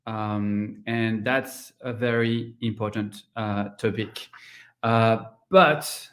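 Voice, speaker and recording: A man giving an online conference talk, pausing often with ums and uhs. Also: on the low side, steady tone, fairly bright tone. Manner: hesitant, many ums and uhs. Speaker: conference speaker.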